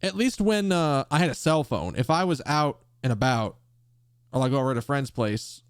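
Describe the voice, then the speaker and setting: A man's voice: medium pitch, animated, moderate pace, smooth. A man streaming a game, telling a rambling, profane story in a casual way. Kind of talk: casual storytelling while gaming.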